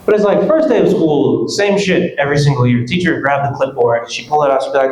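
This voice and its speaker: A young man from West Africa doing a stand-up comedy set, animated and acting out voices, laughing at his own jokes. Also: on the high side, quick pace, hardly any pauses, crowd noise. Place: comedy club stage. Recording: roomy club sound.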